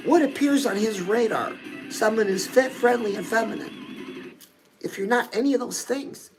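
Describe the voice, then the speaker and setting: A woman's voice: fairly high pitch, poor audio. A middle-aged woman hosting a casual livestream chat, coaching her viewers and calling them "girl". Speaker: host.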